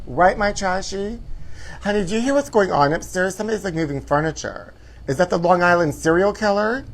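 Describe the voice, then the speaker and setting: Man, host, campy gossip chat, theatrical, chatty, apartment. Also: sits high. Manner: chatty, theatrical, calls people honey.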